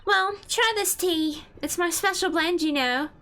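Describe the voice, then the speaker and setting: A woman's voice: very high voice, measured pace, sharp tone, soft background music, voice pushed up, exaggerated voice. A woman reading game dialogue aloud, voicing a small, cheerful young girl inventor in a chirpy, prim and polite way.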